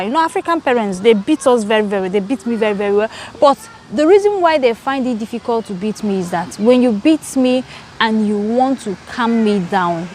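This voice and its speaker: A woman with a medium-pitched voice hosts her own vlog outdoors in a garden, casually telling stories to viewers and repeating words as she goes. A little hiss or hum sits under the audio.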